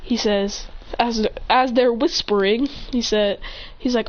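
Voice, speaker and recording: A woman improvising a fan story while gaming, rambling, correcting herself and getting excited as she jumps between characters' lines. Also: on the high side, takes it slowly. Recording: dull lo-fi recording.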